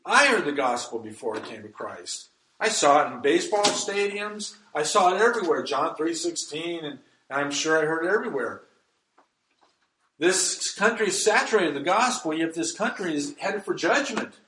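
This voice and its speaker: A man's voice: fairly high pitch, expressive, moderate pace, bright, forceful tone, reverberant, low-quality recording. A man preaching a sermon as pastor, emphatic and reading scripture aloud.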